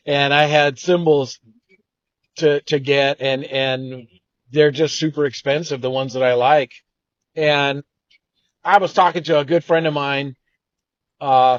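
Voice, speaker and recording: A man's voice: mid-range voice, no echo. A man co-hosting a show, earnestly telling a personal story in a reflective, meandering way. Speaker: co-host. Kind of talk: casual storytelling. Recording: dull, dry lo-fi sound.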